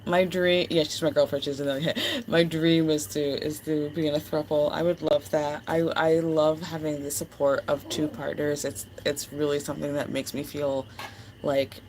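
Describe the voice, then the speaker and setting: A woman's voice: sits low, level tone, normal speed, darkish tone, a little hiss or hum, low-quality recording. A woman hosting a livestream, chatting casually and affectionately with viewers, full of fillers. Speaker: livestream host. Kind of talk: casual chat with live chat.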